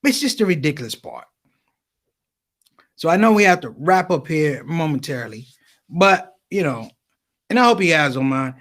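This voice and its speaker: A middle-aged man telling a comic story to an audience, with punchy, animated delivery and repeated words for effect. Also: on the high side, normal speed, long pauses. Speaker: speaker.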